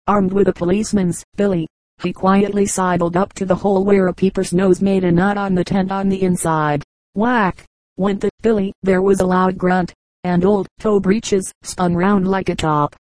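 A woman narrating an audiobook in a measured, orotund reading style. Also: fairly low pitch, a little mellow, dry recording, rough recording. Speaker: audiobook reader.

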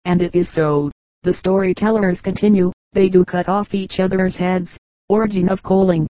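A woman reading folk tales aloud as an audiobook narrator, in a calm, even storytelling delivery. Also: on the low side, moderate pace, dry recording, low-quality recording. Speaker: audiobook reader.

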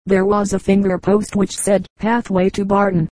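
A woman's voice: medium pitch, level tone, moderate pace, a little mellow, no room sound, close to an everyday voice, low-quality recording. A woman reading the lines of a polite, eager young girl who speaks in an earnest, well-spoken way.

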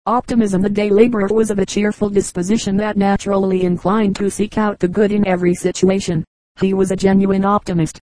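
A woman reading a collection of humorous anecdotes as an audiobook, in an even, measured storytelling manner with lightly acted quotes. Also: mid-range voice, dry recording, low-quality recording. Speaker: audiobook reader. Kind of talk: scripted narration of humorous anecdotes.

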